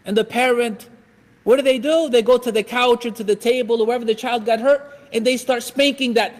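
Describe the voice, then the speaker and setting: A man with a strikingly high voice gives a religious lecture with animated delivery, acting out everyday scenes as he goes. His voice rings out with the long reverb of a large hall. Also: fairly quick. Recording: echoey hall.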